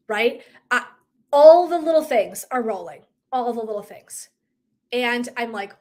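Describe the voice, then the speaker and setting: A woman wellness coach telling a personal story in a casual live talk, animated and often laughing. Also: a little high, unhurried.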